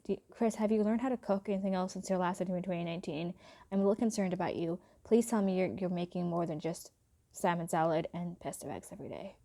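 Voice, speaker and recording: A woman's voice: lowish voice, quick pace, gravelly, mellow. A young woman, born in India and raised in England and the US, talks in a chatty, playful way with joking asides. She speaks with an American accent that shows slight British traces, in a casual get-to-know-me vlog. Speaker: YouTuber.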